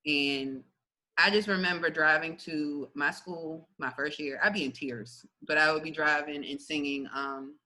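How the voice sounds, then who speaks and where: A young woman gives her faith testimony in a casual interview, talking in a loose, chatty way. Her voice is very bright and forceful, and she breaks into laughter often. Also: low-pitched, measured pace, low-quality recording. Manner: lively, chatty, laughs often, many fillers. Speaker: guest sharing her testimony.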